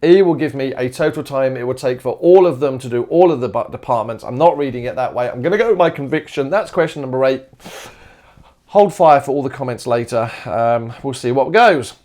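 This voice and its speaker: A man's voice: medium pitch, expressive, fairly quick, a little mellow. An Australian man, a maths teacher, chattily talking himself through exam solutions step by step with informal asides. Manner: casual asides and fillers like "all right" and "uh". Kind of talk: worked exam solutions, thinking aloud.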